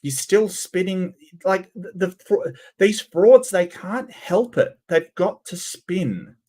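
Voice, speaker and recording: Sarcastic man with a lively voice. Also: high voice, slow pace. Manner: sarcastic, incredulous. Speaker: commentary host. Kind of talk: mocking commentary on clips.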